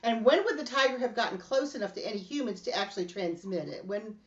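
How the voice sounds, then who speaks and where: Woman, middle-aged, podcast host, animated storyteller, laughs often, slightly dull lo-fi sound. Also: a little high, quick pace, a crowd in the background. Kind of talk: casual podcast chat.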